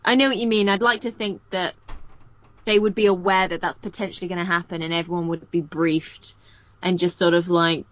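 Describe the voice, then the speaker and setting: A woman co-hosting a film podcast, speaking in a measured, musing way as she searches for words. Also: fairly low pitch, fairly even intonation, highs cut off. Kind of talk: casual chat.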